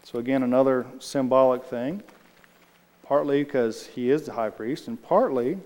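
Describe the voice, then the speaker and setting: A man's voice: medium pitch, normal speed, a little mellow. A man leading a casual Bible study, talking loosely and answering his group as he reads aloud. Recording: reverberant room.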